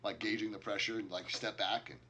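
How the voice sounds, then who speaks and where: Game master, male, laid-back narration, forceful bright tone, slightly low. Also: steady tone, brisk. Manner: casual, heavy use of filler "like".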